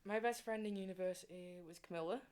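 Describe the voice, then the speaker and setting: A woman's voice: medium pitch, quick pace. A woman, a guest musician, telling stories in a casual chat and laughing often. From England. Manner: animated storyteller, laughs often.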